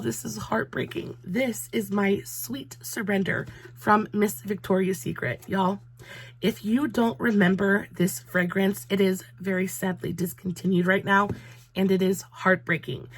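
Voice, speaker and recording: A woman's voice: mid-range voice, a bit bright, breathy edge. A woman, chatting casually and emotionally through a product review. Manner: chatty, emotional, says y'all a lot. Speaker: beauty vlogger.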